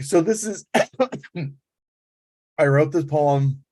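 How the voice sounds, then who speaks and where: A man's voice: fairly high pitch, drawn-out words, mellow. Effusive man hosting a reading. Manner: effusive, filler-heavy, lots of "like". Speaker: host of a poetry reading. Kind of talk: casual hosting and poetry reading.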